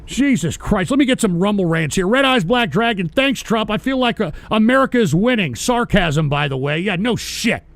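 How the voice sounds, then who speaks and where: A man's voice: high voice, expressive, normal speed, gravelly, few pauses, no room sound. A man hosting a live-streamed political show, ranting and berating his listeners with constant profanity. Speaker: host.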